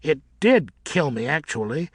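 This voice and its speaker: A snide, impatient ghost bat, as a male narrator puts him on, raised high above the reader's own voice. His lines come bored and clipped, and the husky tone shows through. The sound is dry and close. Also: big pitch swings, normal speed, no echo. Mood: sarcastic.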